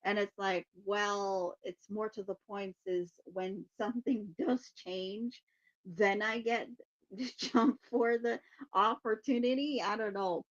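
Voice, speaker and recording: A woman's voice: mid-range voice, fairly even intonation, slow pace, dull audio. A woman hosting a psychic podcast in a casual livestream chat, laughing often and swearing casually.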